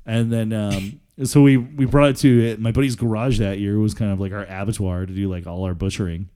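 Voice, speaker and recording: A man's voice: lowish voice, fairly even intonation, a little fast, mellow, clear, resonant tone. A man, telling rambling, profane stories in casual chat and laughing often.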